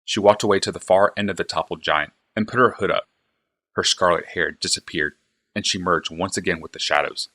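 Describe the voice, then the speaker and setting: A man reading a fantasy novel aloud in steady, even narration. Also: sits low, brisk. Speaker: reader, streamer.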